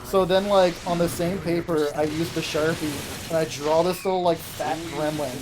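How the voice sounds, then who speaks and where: A woman's voice: low-pitched, moderate pace, background noise. A woman telling a rambling, giggly story to a friend while they play a video game. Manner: giggly, rambling, animated retelling. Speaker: let's play co-host. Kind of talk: casual storytelling chat. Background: game music.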